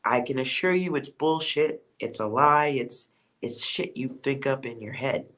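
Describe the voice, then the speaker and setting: A man's voice: medium pitch, unhurried, fairly bright tone. A man giving a casual spoken tarot reading, blunt and preachy, with frequent swearing. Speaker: tarot reader.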